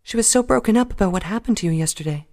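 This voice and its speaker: A timid, gentle pegasus mare pleads in a soft, fretful voice pitched far up, put on by a man reading aloud. Her voice is lifted high and strained with worry. It is a storybook reading with a plain close mic. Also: expressive, rapid-fire. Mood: worried pleading.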